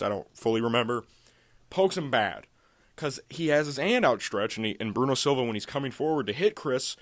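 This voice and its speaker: A man recapping fights in a loose, heated rant, swearing freely as he goes. His voice sits at an ordinary middle pitch. The sound is dry and close, with no room echo. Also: fairly bright tone. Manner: profane, heated and ranting. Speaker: MMA recap channel host. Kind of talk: casual fight recap monologue.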